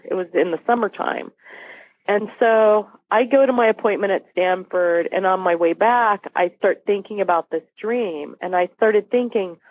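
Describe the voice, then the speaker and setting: A woman's voice: mid-range voice, dry recording. A woman guest retelling a personal story vividly, acting out what people said. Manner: vivid retelling, acts out dialogue. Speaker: podcast guest. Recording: phone-like dry line.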